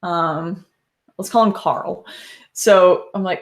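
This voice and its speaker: A young woman tells a story of her own in a relaxed, conversational way. Her voice sits a little low, and she is animated, breaking into laughter as she goes. It sounds like unscripted talk rather than a read text. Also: takes it slowly. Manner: animated, laughs often while telling the story. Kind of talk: casual first-person storytelling.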